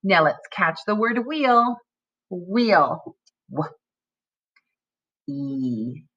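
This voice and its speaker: A woman with a fairly low voice leads young children through a phonics lesson. She speaks slowly in a lively, sing-song teacher manner and keeps prompting them with questions. The sound is dull and lo-fi.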